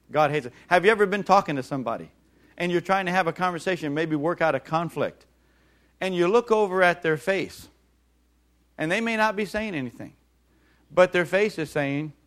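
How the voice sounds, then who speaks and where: A man preaching a sermon in an animated way, acting out voices and calling on the congregation to respond. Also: on the high side. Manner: animated, acts out mocking voices, calls for audience response.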